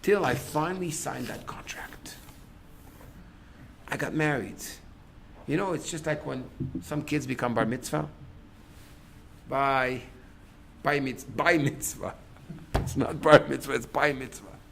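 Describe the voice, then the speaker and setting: A middle-aged man, a rabbi, giving a lecture to a class on relationships. He tells stories in a lively way, acts out what people say, and breaks into sudden loud outbursts. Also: medium pitch, slow pace, creaky, long pauses, slight background noise. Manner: animated storyteller, acts out quotes, sudden loud bursts.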